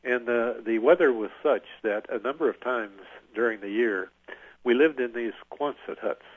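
An older man, a veteran, recalling his service in an oral history interview, halting with many filler pauses. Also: medium pitch, no echo. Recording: tinny phone-like line, dry.

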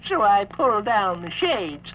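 A sly wolf disguised as an old granny, slow drawling wisecracks, lively swooping voice, dull lo-fi vintage record with faint hiss. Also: female voice, medium pitch. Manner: slangy, drawling, evasive, with hip wisecracks. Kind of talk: comic storybook record acting.

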